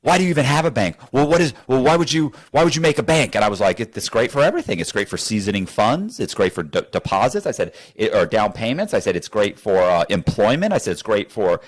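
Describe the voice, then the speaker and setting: A man's voice: fairly low pitch, sing-song, fast talker, few pauses. A man telling a story as an interview guest in a studio, acting out both sides of the conversations.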